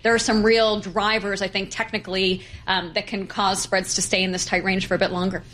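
Measured woman explaining credit markets. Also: medium pitch, flat delivery, a bit bright, slight background noise. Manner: measured, fluent with occasional fillers. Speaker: credit strategist guest. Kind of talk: financial interview, analytical.

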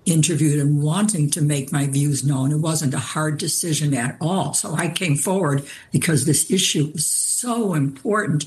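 An older woman speaks as a guest on a news interview. She answers in full, well-formed sentences, measured and earnest, with the composure of a retired judge. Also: sits low, darkish tone.

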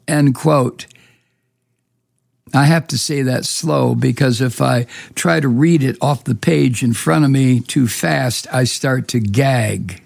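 A man's voice: medium pitch, measured pace, gravelly, a little mellow, dry recording. A man hosting a talk show, delivering angry, profane, sneering political commentary. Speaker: radio talk host.

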